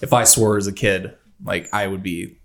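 A man's voice: low voice, fairly even intonation, moderate pace, gravelly. A man chatting casually as a podcast co-host, rambling and hesitant as he tells stories. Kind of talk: casual chat.

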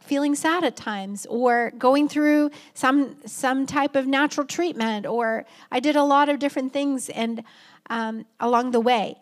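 A middle-aged woman pastor delivers a heartfelt sermon in a church sanctuary, and her voice sits a little higher than most. She talks in a warm, conversational way, addressing the congregation directly with a casual "y'all".

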